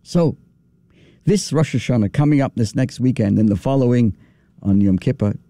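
A rabbi giving an animated, folksy sermon with restarts. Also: male voice, mid-range voice, normal speed, no echo, clean studio sound. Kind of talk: sermon with storytelling.

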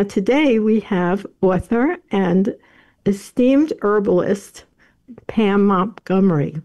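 A woman hosting a talk show, introducing her guest in a measured, formal way before interviewing her. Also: mid-range voice, warm tone. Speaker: radio show host.

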